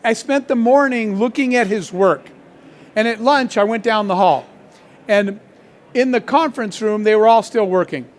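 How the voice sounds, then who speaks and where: A middle-aged man, a company founder, telling an animated leadership anecdote with quoted dialogue to an audience. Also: high-pitched, moderate pace. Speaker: founder and CEO giving a masterclass. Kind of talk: storytelling keynote talk.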